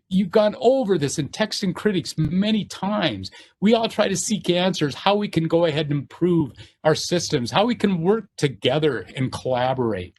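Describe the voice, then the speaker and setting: Male lecturer, slightly high voice, earnest and halting, reads out lists. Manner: earnest, halting with fillers and restarts; reads course text aloud in lists. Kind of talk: university lecture.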